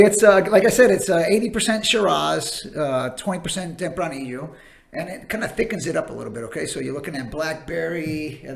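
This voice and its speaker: A man's voice: fairly high pitch, vocal fry. A man co-hosting a casual chat, presenting a wine in a chatty, laughing way with many fillers. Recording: echoey room.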